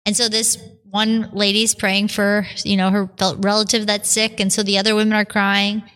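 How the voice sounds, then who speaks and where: A religious sister recounts her vocation story in a podcast interview, animatedly acting out the voices of people she quotes. Her voice is smooth and medium-pitched at a normal speed.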